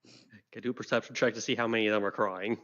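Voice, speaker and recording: A man's voice: lowish voice, fairly even intonation, fast talker, fairly bright tone. Joking man player on a dull mic. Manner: joking, laughs often. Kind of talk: casual tabletop game banter.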